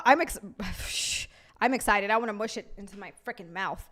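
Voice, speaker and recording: A woman live streamer chatting casually with her viewers, excitable and giggly, and thanking them by name. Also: mid-range voice, normal speed.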